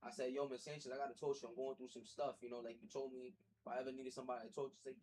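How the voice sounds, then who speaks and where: Young guy vlogging, husky voice, earnest and rambly, repeats himself a lot. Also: medium pitch, flat delivery, racing, darkish tone, rough recording. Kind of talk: casual personal talk to camera.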